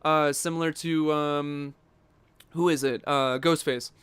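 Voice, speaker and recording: Excitable young man streaming a fighting game. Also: fairly high pitch, takes it slowly, clean tone, no room sound. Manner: chatty and excitable, talks to chat, laughs often. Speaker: gaming livestreamer. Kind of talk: casual live gameplay commentary.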